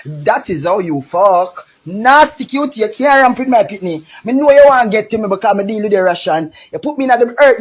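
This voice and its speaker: A woman with a Jamaican accent delivering an angry, profane rant as a vlogger, hurling insults. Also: medium pitch.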